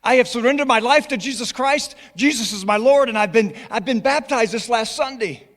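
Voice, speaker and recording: Scottish man quoting a joyful young male student, high, loud, exuberant, church-hall reverb. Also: brisk. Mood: overjoyed. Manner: exuberant, excited.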